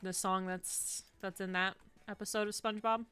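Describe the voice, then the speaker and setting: A woman streaming a game from home on a desk microphone, chatting casually and ranting with animated disgust. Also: mid-range voice, moderate pace, smooth, soft background music. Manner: animated, says 'ew' and 'icky' with disgust, ranting. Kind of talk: casual gameplay stream chat.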